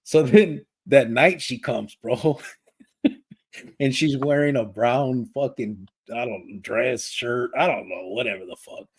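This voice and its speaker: A man's voice: mid-range voice, a little slow, breathy edge. A man hosting a podcast, telling a story in slangy casual chat and laughing as he goes. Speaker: podcast host.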